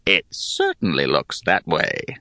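A man's voice: sits low, wildly swooping pitch, slow, sharp tone, no echo, studio quality, exaggerated voice. A man voicing an ancient bald hag who gambles on everything, talking in a lazy, sly drawl.

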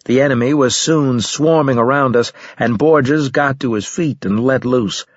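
A man reading a first-person story aloud in a steady, measured way with grim weight. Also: mid-range voice, no room sound, lo-fi sound. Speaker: audiobook narrator. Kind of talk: first-person scripted narration.

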